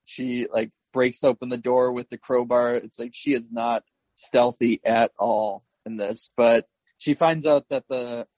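A man co-hosting a podcast, slowly recapping a film plot in casual chat, with lots of fillers and laughs. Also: medium pitch, fairly even intonation, darkish tone, no echo, muffled recording. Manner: slow, rambling recap with frequent fillers and laughs. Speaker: podcast co-host.

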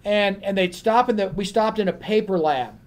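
High-voiced man telling a lively story. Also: moderate pace. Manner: lively storyteller, acts out others in quotes. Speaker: panelist. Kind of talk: storytelling anecdote on a convention panel.

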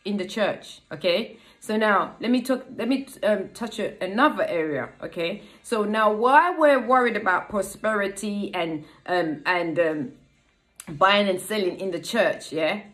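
A woman's voice: medium pitch, expressive, measured pace, a bit bright. A woman preaching a casual online sermon, often checking in with "yeah?" and repeating phrases for emphasis.

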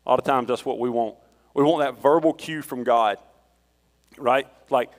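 A man preaches in a casual, conversational way and moves easily from a personal story to scripture. His voice sits at an ordinary middle pitch. The sound carries a long reverb from a church hall. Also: a little fast. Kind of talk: sermon.

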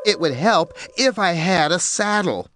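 A man voicing a clever, cheeky male monkey in a high, playful, sly voice over music. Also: animated, measured pace, heavy background noise. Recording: music bed underneath.

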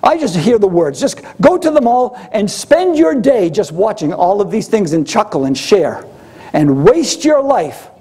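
A man's voice: high-pitched, big pitch swings, a little slow, warm tone, breathy edge. A man preaching a sermon in a conversational way, often acting out the voices he quotes.

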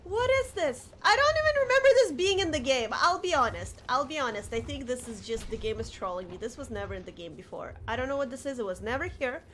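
A young woman streaming a game and chatting with viewers, who shrieks and yells at the game and then apologizes. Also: high-pitched, expressive, fast, hardly any pauses. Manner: chatty, greets viewers by name. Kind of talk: casual live-stream game commentary. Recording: noisy home stream recording.

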